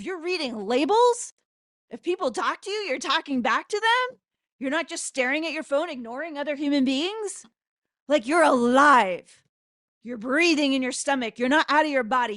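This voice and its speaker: A woman spiritual teacher with a high-pitched voice offers an impassioned spoken prayer, loud and fervent into a close microphone. She swears for emphasis, and the recording is dry.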